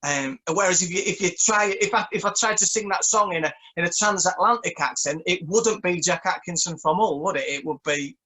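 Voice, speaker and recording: Songwriter guy, kinda high bright voice, keeps tripping over his words, chatty. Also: a little fast, hardly any pauses, low-quality recording. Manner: stammering, repeats words often. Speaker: songwriter guest. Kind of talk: casual interview chat.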